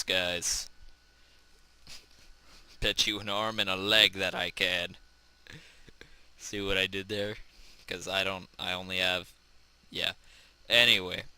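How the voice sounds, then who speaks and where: A young man hosting a casual let's-play, goofing around and yelling in panic when his character crashes. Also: low voice, level tone, takes it slowly, pauses often, clean tone, rough recording. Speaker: gaming channel host.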